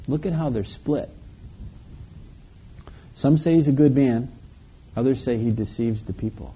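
A man preaching, reading scripture aloud slowly and then explaining it in a conversational way. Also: medium pitch, warm tone, breathy edge. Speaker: pastor. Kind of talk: verse-by-verse Bible teaching. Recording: dull lo-fi recording.

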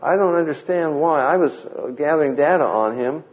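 A man's voice: fairly high pitch, normal speed. Wry male preacher, dull lo-fi sound. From Southern California. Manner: conversational, wry, quotes scripture. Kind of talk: sermon with humorous anecdotes. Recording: muffled lo-fi recording.

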